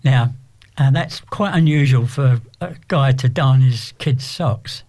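An older English man talking as an interview guest, rambling and halting with frequent restarts. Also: mid-range voice, darkish tone. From England. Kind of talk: casual interview.

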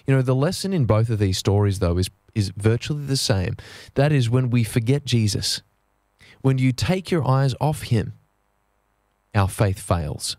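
Male preacher, mid pitch, earnest and measured sermon delivery, dry close-miked sound. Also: expressive, darkish tone, no room sound. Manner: earnest, measured, slows down for emphasis.

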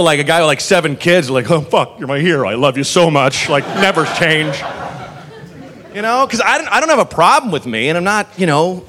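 High-voiced rambling stand-up comedian man. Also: a bit bright. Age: 30s. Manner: rambling, self-deprecating, full of "like" and "you know". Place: comedy club stage before a laughing audience. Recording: noisy live club recording.

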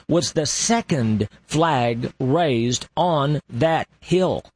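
A man hosting a radio show, narrating in a slow, deliberate way with long dramatic pauses. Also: mid-range voice, a little hiss or hum.

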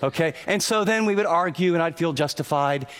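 A man's voice: fairly high pitch, brisk, fairly bright tone. Earnest preaching man, raised voice. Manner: earnest, conversational, stumbles and repeats words. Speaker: pastor. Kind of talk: sermon.

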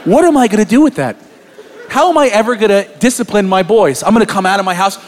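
A man in his thirties doing a crude, animated stand-up set, acting out voices. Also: high voice, quick pace. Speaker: stand-up comedian. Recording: live club audio with crowd noise. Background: laughing audience.

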